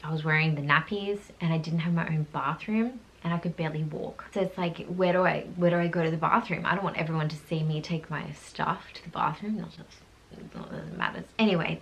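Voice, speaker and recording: A woman's voice: sits low, gravelly, a bit bright, slight background noise. A woman, candidly recounting her hospital stay in a rambling, casual way. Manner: candid, rambling, lots of "like" asides. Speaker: vlogger telling her birth story. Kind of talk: casual personal storytelling.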